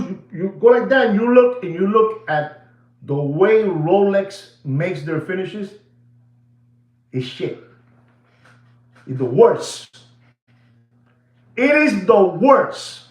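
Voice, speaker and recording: A man's voice: high voice, echoey room, highs cut off. A man hosting a livestream, ranting emphatically and repeating himself, dropping into Spanish phrases. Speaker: watch seller livestream host. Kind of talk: animated livestream rant.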